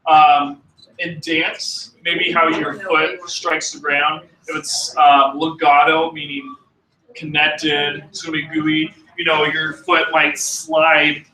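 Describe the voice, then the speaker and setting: A man's voice: on the high side, flat delivery, pushed and bright, roomy sound, far from the mic, low-quality recording. A man teaching a music class to students, talking casually with fillers and false starts. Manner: casual, halting, with many fillers. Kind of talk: classroom demonstration.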